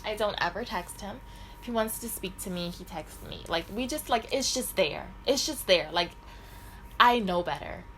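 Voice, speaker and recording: Middle-aged woman vlogger, lively pitch and profane rambling storytime delivery, faint background hiss. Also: normal speed, low-quality recording. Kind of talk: casual storytime monologue.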